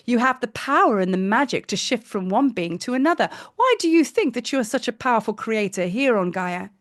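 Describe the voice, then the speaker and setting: A woman voicing a kindly, nurturing ancient goddess who speaks gently and solemnly. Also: on the high side, very animated, fairly quick. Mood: encouraging.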